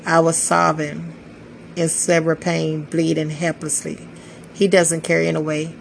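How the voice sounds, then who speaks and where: A woman in her twenties reading her own spoken-word poetry, slow and solemn with measured pauses. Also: sits low, flat delivery, gravelly, a little hiss or hum, low-quality recording. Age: 20s. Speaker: poetry podcaster.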